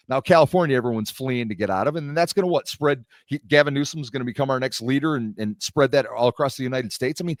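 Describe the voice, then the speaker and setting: A man's voice: medium pitch, dry recording, clean studio sound. A young man from the Los Angeles area in casual podcast chat, telling stories and acting out the people he quotes. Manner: animated storytelling, acts out quoted voices. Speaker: podcast co-host.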